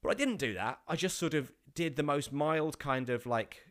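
A man, an actor, telling a casual anecdote with many restarts and animated bursts. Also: a little high, normal speed. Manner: rambling with many restarts, rising to animated outbursts.

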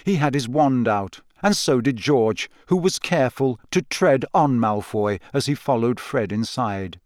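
A man's voice: medium pitch, lively intonation, unhurried, no room sound, clean studio sound. Man reading a story aloud. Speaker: audiobook narrator. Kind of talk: scripted narration.

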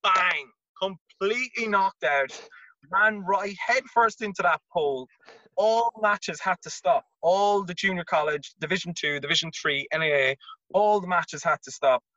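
A man with an Irish accent, a former college tennis player telling a story in a casual interview, animated and repeating words as he acts out quotes. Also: high-pitched, moderate pace, no echo, highs cut off. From Ireland.

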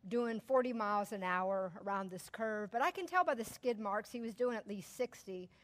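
A calm county sheriff, quoted by a woman, delivering the facts plainly and without fuss. The voice stays close to an everyday speaking tone. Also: medium pitch, moderate pace, close to an everyday voice. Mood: matter-of-fact.

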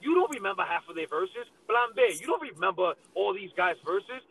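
A man's voice: sits high, sing-song, fairly quick, fairly bright tone. A man hosting a casual chat, making emphatic arguments and leaning on fillers like "you know what I mean.". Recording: distant mic, faint background noise.

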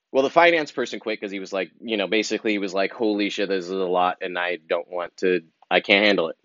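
A male comedian rambles through a monologue, full of fillers and sudden animated asides. His voice sits on the low side. The sound is dry and slightly dull, like a lo-fi recording. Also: no echo.

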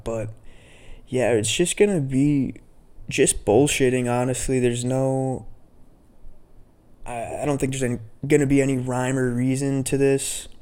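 A man's voice: medium pitch, a little mellow, clean tone. A man hosting a podcast, telling stories in a laid-back, rambling way with casual swearing. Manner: laid-back, profane, storytelling. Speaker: podcast host.

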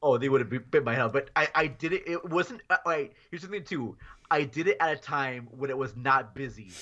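Male podcast guest, bright-toned, loose and rambling, chuckles through his stories. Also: medium pitch, a little fast, dull audio. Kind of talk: casual storytelling.

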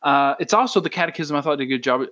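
A man's voice: a little high, animated, racing, sharp tone. Chatty man retelling a story. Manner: storytelling, acts out quotes. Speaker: podcast co-host. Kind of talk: casual faith discussion.

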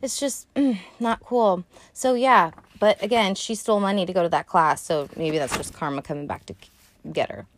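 A woman's voice: medium pitch, normal speed. A young woman hosting a podcast, recapping a movie in casual, rambling chat full of "like", "um" and swearing. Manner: rambling, profane, lots of "like" and "um". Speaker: podcast host.

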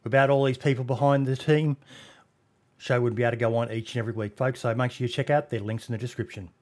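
A man's voice: mid-range voice, fairly even intonation, fast, darkish tone. An Australian man hosting a casual podcast, talking bluntly with plenty of swearing and ums. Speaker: podcast host.

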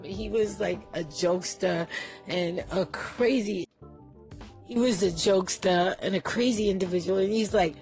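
Woman podcast guest, animated storyteller, chatty, swears freely, mid-pitched, faint music behind. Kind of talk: casual storytelling.

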